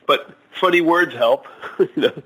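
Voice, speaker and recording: Halting, thoughtful male guest. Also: a little high, fairly bright tone, slightly rough, rough recording. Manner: hesitant, many fillers and restarts, tells jokes slowly. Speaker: guest author. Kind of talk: casual interview talk.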